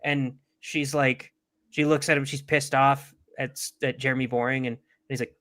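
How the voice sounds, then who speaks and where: A man co-hosting a casual podcast chat, retelling stories with animated bursts of mock excitement. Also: medium pitch, fast. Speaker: podcast co-host.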